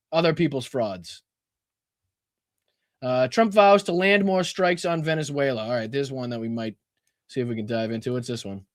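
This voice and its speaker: A man's voice: medium pitch, dry recording, studio quality. A man hosting a podcast, reacting to clips in casual political commentary, incredulous, swearing and laughing as he talks. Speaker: podcast host.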